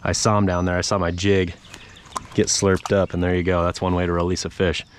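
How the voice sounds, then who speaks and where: A man's voice: deep voice, level tone, brisk, noisy background. A man giving casual running commentary while fishing from a paddle board on a lake, chatting to the fish and his viewers. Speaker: fishing vlogger.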